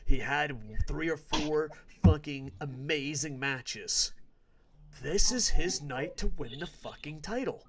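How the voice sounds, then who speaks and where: Foul-mouthed male podcast host, emphatic and sarcastic, casual ranting predictions. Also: a little high.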